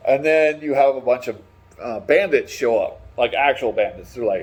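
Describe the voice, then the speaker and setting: A man talking casually and excitably about a game, swearing freely and rambling between stories. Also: medium pitch, a little fast, husky. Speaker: gaming vlogger. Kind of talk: casual opinion chat.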